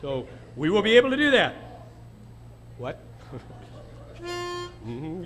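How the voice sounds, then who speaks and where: A man's voice: on the high side, very animated, takes it slowly, music in the background. An older man leading a dinner crowd in songs, telling jokes in a folksy, chuckling way. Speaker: song leader and emcee. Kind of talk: casual emcee patter and joke telling.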